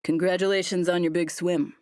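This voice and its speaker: A woman voicing a gentle, reserved young man in an audiobook, speaking calmly. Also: on the low side, fairly quick, dry recording, studio quality, lightly acted.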